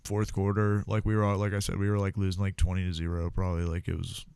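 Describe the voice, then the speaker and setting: Low-voiced young man, profane and laid-back. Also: monotone, quick pace, gravelly, darkish tone, clean tone, dry recording. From United States. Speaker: podcast guest, former Marine. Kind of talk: casual storytelling.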